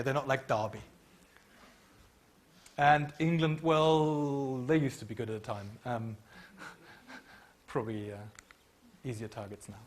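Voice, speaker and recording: A middle-aged man giving a university lecture into a microphone, explaining with frequent ums and humming tunes. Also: mid-range voice. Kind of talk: academic lecture.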